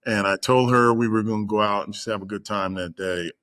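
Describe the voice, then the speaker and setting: A middle-aged man with a fairly low voice recounts a personal story as a podcast guest. He talks casually with many ums and uhs and animates the lines of the people he quotes. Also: fairly quick. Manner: animated retelling, acts out quoted voices, frequent fillers. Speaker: guest executive.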